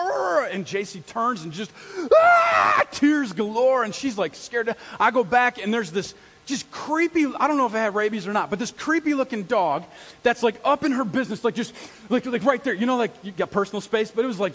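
Male pastor, sermon, high-pitched, lively storyteller, long hall reverb. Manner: animated storyteller, acts out sounds and voices. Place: church sanctuary.

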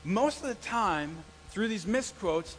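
A middle-aged male pastor preaching a sermon, telling stories and acting out the quotes with lively energy. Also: sits high, takes it slowly, slight background noise, poor audio. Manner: animated storytelling with acted-out quotes.

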